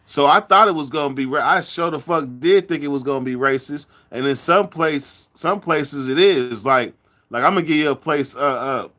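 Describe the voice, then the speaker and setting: A man from California in a casual chat, telling rambling stories with drawn-out words and lots of repeats. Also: on the high side, sharp tone. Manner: loose storytelling, drawn-out words, repeats himself. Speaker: podcast host.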